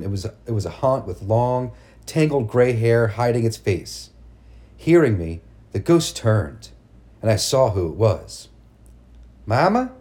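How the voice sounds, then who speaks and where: A man reading a first-person story aloud as narrator, in a measured, hushed storytelling manner. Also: on the low side. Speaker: audiobook narrator.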